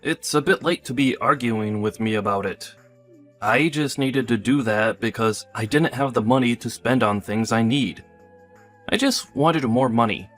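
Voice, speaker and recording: A man's voice: medium pitch, measured pace, fairly bright tone, soft background music, close to an everyday voice. A man voicing a careless, selfish young husband in a text-story drama, offhand and dismissive.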